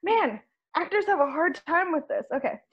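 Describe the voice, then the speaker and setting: High-voiced giggly young woman, dull audio. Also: expressive, normal speed. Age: 20s. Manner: giggly, apologetic, breaks into laughter. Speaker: podcast co-host. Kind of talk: casual chat.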